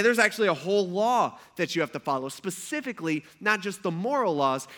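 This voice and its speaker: Man, pastor, sermon, high voice, bright tone, animated, joking.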